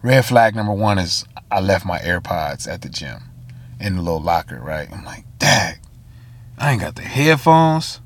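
A man's voice: low-pitched, sing-song, normal speed, no room sound. A tired man, telling a story on a casual solo podcast with slang, fillers and asides to listeners. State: tired, yawning. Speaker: podcast host.

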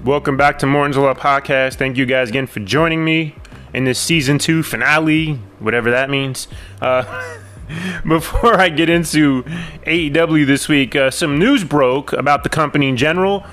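A man's voice: fairly high pitch, moderate pace, a bit bright, soft background music. A man hosting his own podcast, ranting bluntly and sarcastically, swearing when worked up. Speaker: podcast host.

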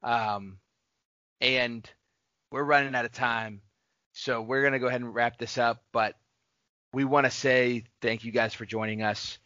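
A man's voice: mid-range voice, steady tone, unhurried, long pauses, pushed and bright, no echo. A man co-hosting a casual faith-based podcast, talking earnestly and encouragingly to his listeners. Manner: earnest, encouraging, sign-off announcements. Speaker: podcast co-host. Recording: dull lo-fi podcast mic.

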